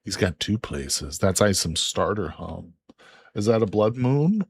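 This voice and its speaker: A man's voice: lowish voice, lively intonation, unhurried, breathy edge. A man from Illinois casually commentating a multiplayer game on a live stream, laid-back and joking as he goes. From Illinois, USA.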